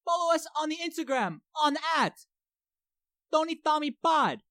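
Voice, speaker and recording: A woman's voice: high-pitched, sing-song, normal speed, a bit bright. A woman co-hosting a comedy podcast, trash-talking with brash, mocking, exaggerated outrage. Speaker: podcast co-host.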